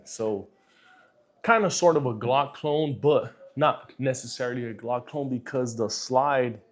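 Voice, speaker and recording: A man's voice: medium pitch, a little mellow. A middle-aged man hosting a casual livestream, answering chat in a laid-back, profane way with lots of fillers.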